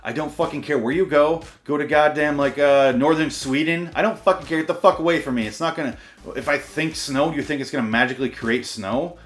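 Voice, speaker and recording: A man's voice: on the high side, a little fast, fairly bright tone. A man hosting a comedy show, ranting and swearing in mock exasperation, his voice worn out. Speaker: podcast host. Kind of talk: profane comedic rant.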